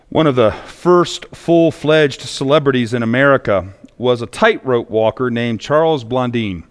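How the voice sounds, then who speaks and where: A man's voice: medium pitch, slow, long pauses, clear, resonant tone. A male pastor preaching a sermon in a church, telling stories with emphatic repetition. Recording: long echoey reverb.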